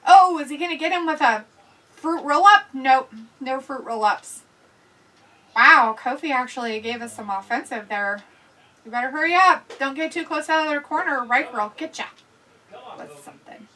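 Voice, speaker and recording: A woman's voice: high voice, normal speed, bright, forceful tone, recorded from a distance, low-quality recording. A woman hosting a casual live watch-along, chatting, laughing and reading viewer comments aloud. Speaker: livestream host reading chat.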